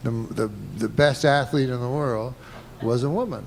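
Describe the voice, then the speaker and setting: A man doing a stand-up set with a deadpan, relaxed delivery, halting over fillers. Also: mid-range voice, vocal fry. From Canada. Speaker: stand-up comedian. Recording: noisy archival stand-up clip.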